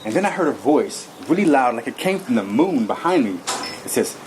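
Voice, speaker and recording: A man's voice: medium pitch, a little fast. Man telling a rambling personal story. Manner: animated, rambling, acts out his own lines. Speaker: interview guest. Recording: noisy recording.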